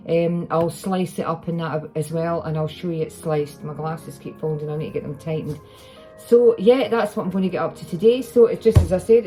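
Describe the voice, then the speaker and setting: This is a Scottish woman with a fairly low, mellow voice, casually chatting through a home baking video. She rambles and restarts her sentences as she works in her kitchen. She is recorded on a phone, with faint music underneath. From Scotland. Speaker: home cooking vlogger. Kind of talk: casual chat while baking. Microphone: iPhone.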